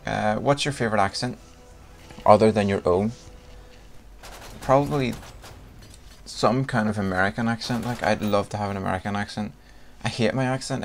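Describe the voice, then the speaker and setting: The speaker is a young man from Northern Ireland, a vlogger with a Northern Irish accent and a fairly low voice with vocal fry; a slight hiss or hum is present. He chats casually for a video, reading a word list aloud one word at a time and laughing between lines.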